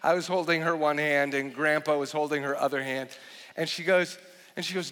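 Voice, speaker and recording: A man in his forties preaching a sermon as a pastor, animated and joking, with frequent restarts. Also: on the high side, brisk. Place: large church hall. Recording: long hall reverb.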